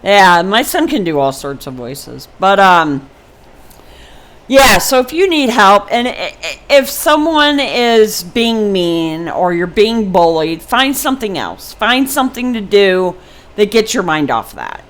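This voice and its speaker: A woman's voice: medium pitch, sing-song, slow. A woman in her fifties talking casually and frankly to her viewers in a personal vlog, rambling with many ums and restarts. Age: 50s. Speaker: vlogger. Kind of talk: casual personal talk to camera.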